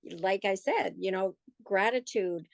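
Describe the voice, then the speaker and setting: A woman's voice: medium pitch, slow pace, gravelly, no echo. A woman co-hosting a casual chat, earnest and encouraging as she asks listeners questions. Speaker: co-host.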